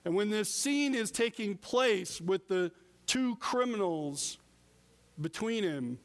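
A man preaching a sermon as pastor, deliberate with emphatic pauses. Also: sits high, lively intonation, long reverb tail.

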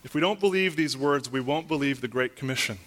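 Bright-voiced preaching pastor. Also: male voice, medium pitch, fast. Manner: earnest preaching with rhetorical questions; builds to loud emphatic peaks when reading scripture. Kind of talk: sermon. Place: church.

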